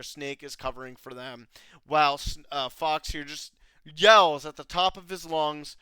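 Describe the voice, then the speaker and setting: A man's voice: a little high, normal speed, sharp tone, clean tone, dry recording. A young man casually recapping an anime episode, rambling with lots of fillers, swearing and laughing. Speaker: anime reviewer.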